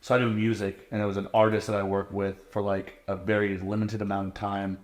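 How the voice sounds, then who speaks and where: A man's voice: lowish voice, fairly quick. Candid thirties man in an echoey room. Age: 30s. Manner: candid, animated, acts out quoted voices. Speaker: interviewed contestant. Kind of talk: casual interview chat.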